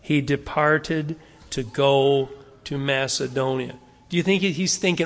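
A man's voice: mid-range voice, steady tone, slow pace, vocal fry, a bit bright. Preaching man in a reverberant church. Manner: earnest, exhorting, rhetorical questions. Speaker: pastor. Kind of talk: sermon.

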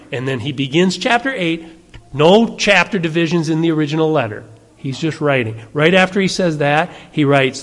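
A man's voice: on the high side, expressive, brisk, a bit bright, in a large hall. A man preaching a sermon, speaking conversationally and asking his listeners rhetorical questions. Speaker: pastor.

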